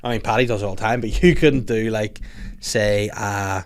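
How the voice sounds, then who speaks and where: A man's voice: lowish voice, moderate pace. A young man hosting a podcast in casual chat, rambling and joking with teasing asides. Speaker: podcast host.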